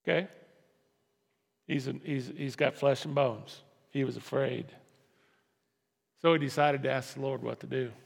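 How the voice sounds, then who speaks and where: Emphatic pastor in an echoey church. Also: male voice, medium pitch, steady tone, unhurried, vocal fry, pauses often. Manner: emphatic, repeats lines, asks congregation to respond. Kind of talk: sermon. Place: church sanctuary.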